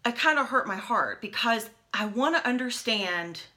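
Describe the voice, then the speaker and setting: Woman in her forties, bright and chatty, rambling beauty vlog talk at her mirror. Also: fairly high pitch, expressive, moderate pace. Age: 40s. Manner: chatty, rambling, many fillers and restarts. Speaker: beauty vlogger. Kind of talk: casual rambling chat while doing makeup. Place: home, at a lit makeup mirror.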